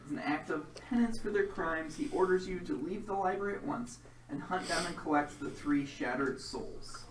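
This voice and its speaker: A man running a tabletop role-playing game as game master, with steady descriptive narration and quick rule calls. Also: fairly high pitch, noisy background. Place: room with several players. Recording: roomy sound from a distant mic, crowd chatter.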